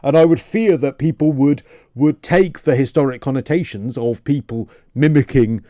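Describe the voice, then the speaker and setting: A man hosting a radio talk show, asking quick rhetorical questions and stumbling now and then as he pushes a point. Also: medium pitch, mellow, dry recording, studio quality. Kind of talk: opinion radio discussion. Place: radio studio.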